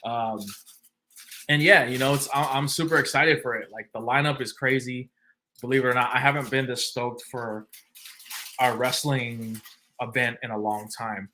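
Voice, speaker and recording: A man hosting a livestream in a loose, casual way, full of "um"s and restarts. His voice has a bright, forward edge, sitting at an average pitch. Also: steady tone, normal speed, a little hiss or hum. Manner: laid-back, lots of fillers and restarts. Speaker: livestream host. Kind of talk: casual chat.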